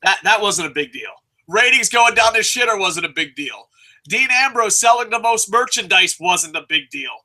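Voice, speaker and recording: A man's voice: high-pitched, expressive, normal speed, bright, forceful tone. A middle-aged man co-hosting a casual chat, ranting profanely and mocking people as he talks. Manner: profane, rants with mocking voices. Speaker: podcast co-host.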